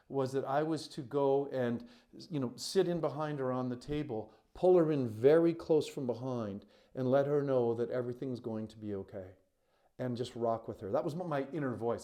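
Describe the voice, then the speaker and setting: A man's voice: medium pitch, expressive, normal speed, mellow. A man who works as a coach and retreat facilitator tells a personal story to camera in an earnest, emphatic, heartfelt way, with many "you know" fillers.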